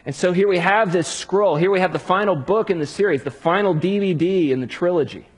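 A husky, slightly high-voiced man preaching a sermon. He builds drama by dropping into hushed pauses, then rising again for emphasis. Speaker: pastor.

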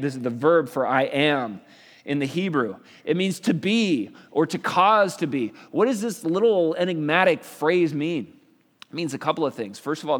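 A middle-aged man preaching a sermon as a pastor, explaining scripture in a conversational way with rhetorical questions. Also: medium pitch. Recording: reverberant hall.

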